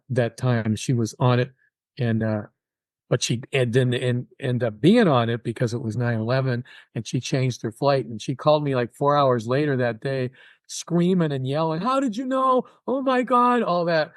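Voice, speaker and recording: An older man talking as a guest in an interview, telling personal stories with an animated delivery and acting out other people's words. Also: mid-range voice, normal speed, no room sound. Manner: animated, acts out quoted voices. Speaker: guest musician. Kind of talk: casual interview storytelling.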